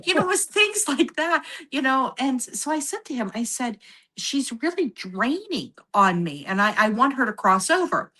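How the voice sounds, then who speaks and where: A woman's voice: sits high, very animated, moderate pace, pushed and bright. A woman telling a personal story in a casual podcast chat, acting out the voices of the people she quotes. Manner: acts out quoted voices, laughs while telling. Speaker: psychic medium guest.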